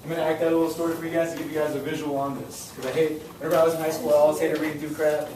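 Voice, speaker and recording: Young male teacher, energetic classroom lesson, recorded far off in a noisy, roomy classroom. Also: on the high side, very fast. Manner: energetic, repeats questions to students. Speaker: high school science teacher.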